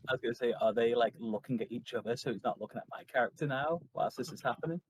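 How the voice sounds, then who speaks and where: A man playing a tabletop game, asking quick questions in casual chat. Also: medium pitch, slightly rough, poor audio. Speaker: player.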